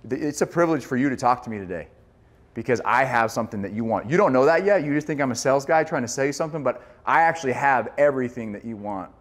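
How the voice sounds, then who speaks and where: A man giving a sales training talk to a group, energetic and acting out lines he would say at the door. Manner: energetic, acts out door pitches and yelling.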